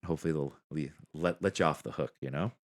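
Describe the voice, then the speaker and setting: Deep-voiced laid-back young man. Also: fast. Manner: laid-back storyteller, says "like" often. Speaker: podcast co-host. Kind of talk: casual chat.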